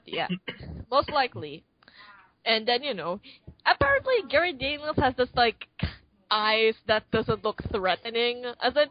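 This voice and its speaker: Rambling higher-voiced woman podcaster. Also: dull audio. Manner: rambling, many fillers and restarts. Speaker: podcast co-host. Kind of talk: casual movie review chat.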